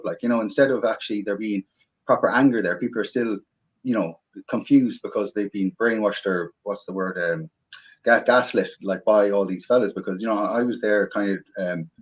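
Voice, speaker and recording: A lowish male host comes through on muffled, lo-fi audio. He speaks haltingly, repeating words and pausing on "um" as he works his thoughts out, and his low-set voice stays conversational. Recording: dull lo-fi audio.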